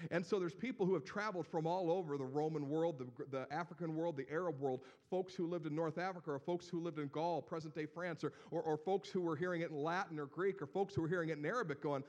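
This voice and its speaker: A man from Northeast Ohio preaching a sermon, with a Northeast Ohio accent. He talks animatedly and builds to loud, emphatic proclamations. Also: fairly high pitch, fast. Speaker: pastor.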